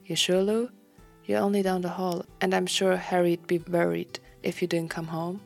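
Woman reading as a caring young guy nagging a friend, soft, slightly gravelly. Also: lowish voice, flat delivery, normal speed, faint music behind.

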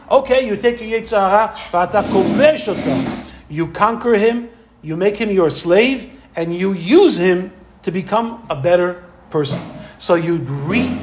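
High-voiced animated male Torah teacher. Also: a little hiss or hum. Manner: animated storyteller acting out quoted voices. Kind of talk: Torah lecture.

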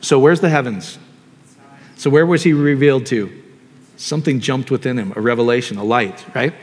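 A man preaching a sermon in a relaxed, conversational way, often asking the audience questions. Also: mid-range voice, normal speed, breathy edge. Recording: long hall reverb.

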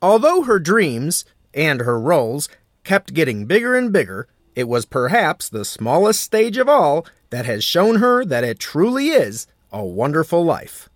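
A man hosting a podcast, reading scripted narration in a measured, lilting way. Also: fairly high pitch, big pitch swings, dry recording. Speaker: podcast host. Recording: dry studio sound with faint music.

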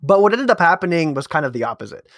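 Very animated and quick, a game master with a rather high, slightly bright voice tells a casual story from his tabletop role-playing sessions, occasionally restarting his sentences. The studio recording is clean and echo-free.

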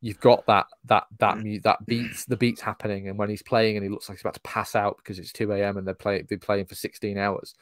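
A man talks over a film in loose, rambling chat. He swears freely and drops "like" everywhere. His voice sits low, and the mic is close and dry. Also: flat delivery, fairly quick, hardly any pauses, no room sound. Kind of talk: casual film discussion.

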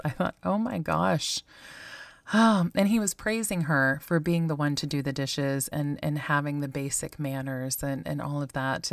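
A woman's voice: sits low, no echo. A woman hosting a solo podcast, a mother talking candidly and reflectively in a conversational way. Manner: candid, musing, conversational, with frequent ums and likes.

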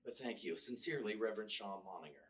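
A man's voice: on the low side, expressive, fast talker, distant mic. A male minister giving a casual, storytelling sermon with wry humor, often restarting his sentences. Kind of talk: conversational sermon. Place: church.

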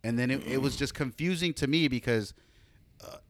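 A man's voice: mid-range voice, normal speed. A man co-hosting a podcast, telling a long story in casual, profane chat with lots of fillers. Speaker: podcast co-host.

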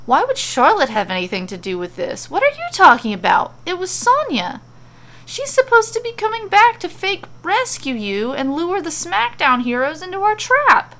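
A woman's voice: very high voice, very animated, normal speed, fairly bright tone, voice pushed up, full character voice. A woman voicing a confused, nervous blond warrior man who explains himself with frustrated emphasis.

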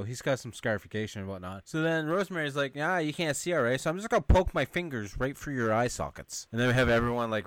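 A man's voice: medium pitch, fairly bright tone, clean tone, dry recording. A young man hosting a podcast, casually retelling a horror film scene by scene and sometimes mimicking the characters. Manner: retells scenes, quoting characters in brief exaggerated voices; laughs here and there, sarcastic asides. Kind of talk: casual movie recap.

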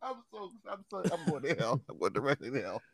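A man co-hosting a casual chat, who banters with quick, laughing reactions. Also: mid-range voice, very animated, very noisy. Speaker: co-host.

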